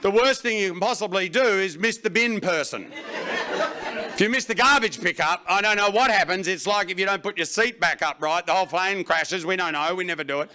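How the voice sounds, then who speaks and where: Man, stand-up comedy, bright, faint noise. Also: high-pitched, normal speed. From Australia. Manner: swings into loud shouted bursts for acted panic. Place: stage before a laughing audience.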